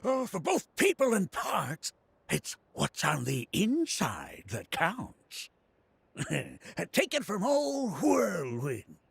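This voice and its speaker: An actor playing an excitable older male mechanic and former street racer in a video game. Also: sits high, slow pace, no echo, full character voice. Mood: proud. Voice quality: gravelly, husky. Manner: bursts into shouting excitement and laughter.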